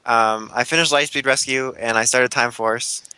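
A young man co-hosting a casual podcast chat, with a bright, forward voice. He jokes and laughs easily and speeds up in bursts. The sound is close and dry, with no room around it. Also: mid-range voice, steady tone, smooth, no echo, low-quality recording. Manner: chatty and joking, laughs often, speaks in quick bursts. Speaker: podcast co-host.

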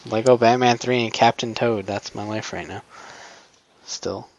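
A man's voice: fairly low pitch, steady tone, a little slow. A young man co-hosting a casual chat, rambling with many ums and dry sarcasm. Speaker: podcast co-host. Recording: dull lo-fi audio.

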